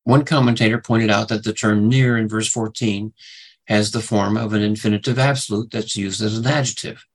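A man teaching a Bible study lecture, halting with many fillers and restarts, and leaning hard on single words for emphasis. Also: on the low side, fairly even intonation, rough recording. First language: English.

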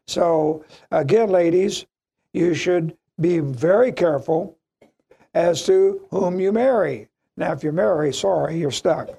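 Male Bible teacher, mellow, gravelly tone, deliberate emphatic delivery, repeats key phrases. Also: fairly high pitch. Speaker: preacher.

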